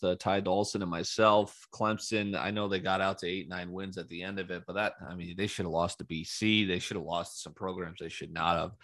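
Male sports talk host, low voice, dry close sound, rambling, opinionated, sarcastic. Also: steady tone, normal speed, hardly any pauses, fairly bright tone, dry recording. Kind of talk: casual solo sports commentary.

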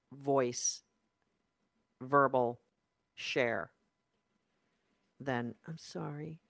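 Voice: medium pitch, no room sound. Emphatic motivational coach, dry sound. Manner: emphatic and insistent, repeating phrases; spiritual wording about energy and soul. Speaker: life coach. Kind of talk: motivational talk.

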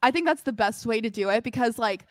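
Animated young woman telling a story. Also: a little high, quick pace, no room sound. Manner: animated storytelling, acts out quotes loudly; heavy use of "like". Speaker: podcast co-host. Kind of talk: casual chat.

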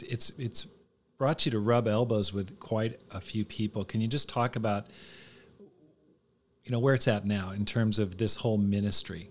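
A man's voice: fairly low pitch, a little hiss or hum. A man hosting a podcast, listening and asking broad, open questions. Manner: attentive, brief affirmations and open questions. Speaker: podcast host. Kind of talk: interview questions.

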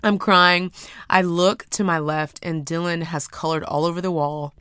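A woman hosting a podcast, speaking. She tells her story in a dramatic, animated way, full of casual slang. Her voice sits fairly low and sounds close and dry, with no room sound. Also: moderate pace, smooth, dry recording. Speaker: podcast host.

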